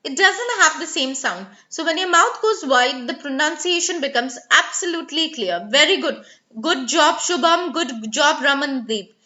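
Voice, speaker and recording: High-pitched and animated at a normal pace, this pronunciation teacher sounds pushed and bright over lo-fi audio. In her live online English class she carefully models words and encourages students by name.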